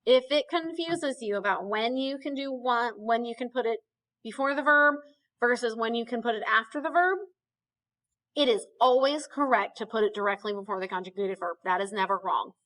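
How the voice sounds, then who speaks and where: A woman's voice: fairly high pitch, moderate pace, fairly bright tone. A woman teaching a Spanish grammar lesson in a recorded video, explaining patiently step by step and checking in with frequent okays.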